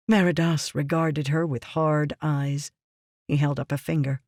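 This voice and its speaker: An audiobook narrator reading a fantasy novel in a measured, steady storytelling manner. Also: mid-range voice, no room sound, clean studio sound.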